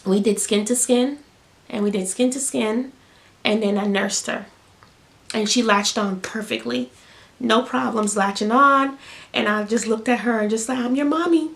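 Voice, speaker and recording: Speaking at a measured pace, this woman has a fairly high, steady, fairly bright voice with vocal fry. As a young new mom recounting something personal to camera, she's casual but emotional, almost in tears, and she repeats herself and fills pauses a lot.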